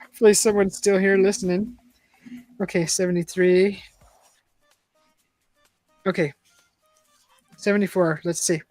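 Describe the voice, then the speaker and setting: A woman's voice: mid-range voice, steady tone, unhurried, pauses often, darkish tone, no echo, soft background music. A woman hosting a casual live-stream, reading a choose-your-own-adventure book aloud, chatting and laughing often.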